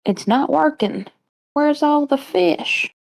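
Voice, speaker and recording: A woman's voice: high-pitched, slow pace, creaky. A woman playing a game with friends, reacting playfully in casual chat. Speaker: co-player.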